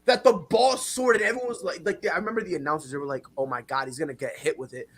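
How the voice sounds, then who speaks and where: A husky-voiced man with a fairly high voice hosts a sports talk show. He tells animated stories and jumps into other people's lines as he goes. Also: fast. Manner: animated storyteller, acts out players' quotes.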